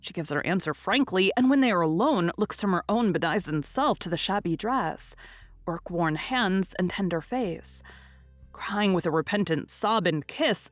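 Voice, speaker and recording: A woman narrating a classic novel in a measured, expressive storytelling manner. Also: lowish voice, no room sound. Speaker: audiobook narrator. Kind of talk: scripted narration.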